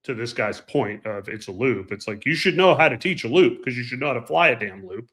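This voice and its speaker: Animated man telling pilot stories. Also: mid-range voice, a little fast. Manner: animated, emphatic anecdotes. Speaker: podcast co-host and pilot. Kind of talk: casual chat, storytelling.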